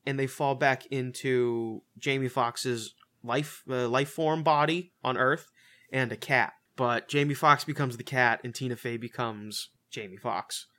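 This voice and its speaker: A man's voice: medium pitch, steady tone, unhurried, fairly bright tone. A man casually reviewing a movie on a podcast, loose and profane, full of fillers and restarts. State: says he is a little high. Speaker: podcast co-host.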